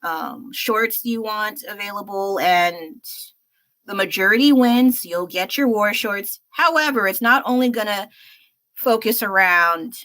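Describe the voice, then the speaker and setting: A woman's voice: medium pitch, a little slow, bright, forceful tone. A young American woman livestreaming while she paints, chatting in a rambling, self-deprecating way with fillers and laughs. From United States. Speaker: livestreaming artist.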